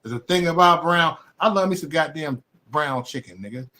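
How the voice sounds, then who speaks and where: A man from Chicago hosting a live stream, delivering a profane comedic rant that swings into loud yelling. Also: fairly high pitch, moderate pace.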